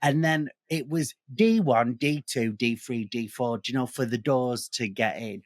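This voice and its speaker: A man with a Manchester accent, co-hosting a podcast and telling animated, sweary stories in casual chat. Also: medium pitch, measured pace, no echo, studio quality. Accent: Manchester English. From Northern England. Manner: animated storyteller who swears freely. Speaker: podcast co-host.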